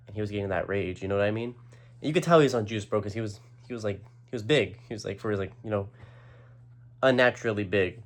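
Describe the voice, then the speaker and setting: A young man casually telling a rambling story, full of slang and fillers. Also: fairly low pitch. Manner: rambling, slangy, lots of "like" and "bro".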